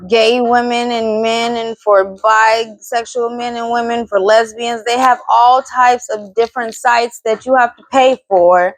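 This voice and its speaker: A woman's voice: a little high, dry recording. A woman in her thirties hosting a solo podcast, ranting bluntly and with lots of swearing. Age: 30s. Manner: blunt, profane, exasperated ranting. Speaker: podcast host.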